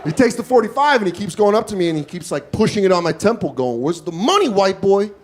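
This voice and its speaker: A man doing stand-up comedy, telling a story with a lively, profane, animated delivery and acting out the other voices. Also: sits high, quick pace, some chatter behind. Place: comedy club stage with live audience. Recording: loud audience laughter behind.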